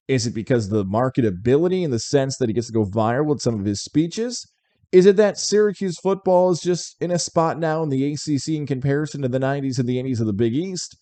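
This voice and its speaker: A man hosting a local sports talk show, giving opinionated commentary and firing off rhetorical questions in an animated way. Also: mid-range voice, dry recording. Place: local show in upstate New York.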